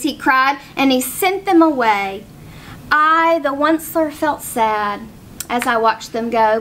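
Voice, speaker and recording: A woman reading a rhyming children's story aloud with a rhythmic, expressive delivery. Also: high voice, unhurried, slight background noise.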